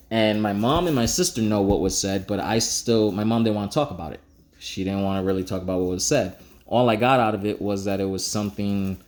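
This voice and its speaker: A middle-aged man telling a personal story in a casual, frank way, acting out the people he quotes with a raised pitch. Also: darkish tone. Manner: casual, frank, occasional swearing.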